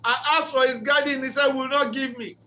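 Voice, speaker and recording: A man's voice: very high-pitched, steady tone, moderate pace, bright, forceful tone, pitched above the performer's own voice, full character voice. A man playing a coveting king, bargaining. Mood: pleading. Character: covetous male king, sulking and pleading.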